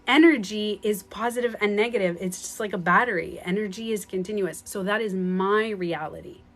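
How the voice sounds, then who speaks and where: A woman with a mid-range voice and brisk delivery hosts a casual phone livestream from home as a spiritual life coach. She speaks earnestly, rambles, and laughs often.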